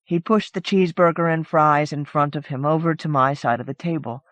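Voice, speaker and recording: A woman's voice: low-pitched, a little fast, hardly any pauses, fairly bright tone, dry recording. A woman reading a short story aloud in a casual, conversational first-person telling. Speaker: audiobook narrator. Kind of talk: scripted narration of a short story.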